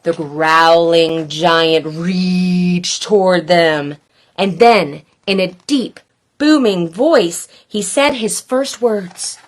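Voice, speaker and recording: A woman reading a children's picture book aloud in a playful, expressive way. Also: lowish voice. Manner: playful, expressive, slow and deliberate. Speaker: storyteller.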